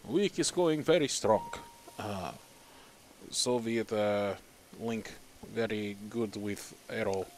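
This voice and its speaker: A playful comrade figure with a thick put-on Russian accent, as a man reads it out. He speaks in broken, clipped phrases, at a slow and deliberate pace. The voice sits a little low and soft. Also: a little hiss or hum. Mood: jokey.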